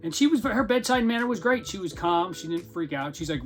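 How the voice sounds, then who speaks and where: A man talks frankly and casually into the mic, his voice sitting a little above the usual male range. He keeps it conversational and pokes fun at himself with dry humor. Soft music plays quietly behind him. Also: sits high, fast talker, hardly any pauses. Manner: frank, self-deprecating, conversational with wry humor. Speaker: podcast host. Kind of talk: candid personal monologue.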